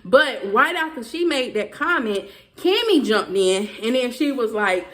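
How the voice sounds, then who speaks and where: A woman host telling a story in a casual commentary vlog, animated and exasperated, with many fillers. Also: fairly high pitch, a little slow. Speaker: channel host.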